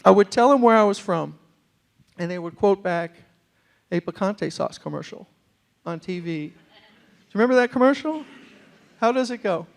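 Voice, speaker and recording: Animated middle-aged storyteller with a gravelly voice. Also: male voice, high-pitched, moderate pace, long pauses. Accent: mixed New York and West Virginia. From New York. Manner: animated, acts out other people's voices with comic timing. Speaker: storyteller and motivational speaker. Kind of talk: humorous storytelling talk. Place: university lecture hall with a live audience.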